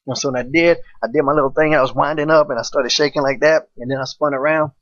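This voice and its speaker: Quick-talking guy hosting a podcast, swears a lot, dry dull lo-fi audio. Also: on the high side, fairly even intonation, fairly bright tone, dry recording. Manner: swearing, storytelling. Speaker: podcast host. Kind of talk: casual chat.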